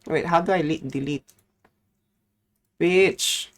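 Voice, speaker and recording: A woman's voice: deep voice, slow. A young woman streaming a game, chatting casually, rambling and swearing and then apologizing. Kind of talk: casual live-stream chat while gaming.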